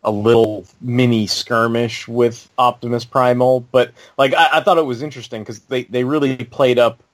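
A man co-hosting a fan podcast, talking casually with halting restarts and swearing. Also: mid-range voice, fairly even intonation. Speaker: podcast co-host. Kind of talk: casual chat.

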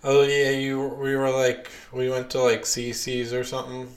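A man's voice: medium pitch, monotone, reverberant. A young man hosting a casual podcast with his wife, talking with many hesitations. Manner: slow, hesitant, many ums. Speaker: podcast host. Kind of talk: casual chat.

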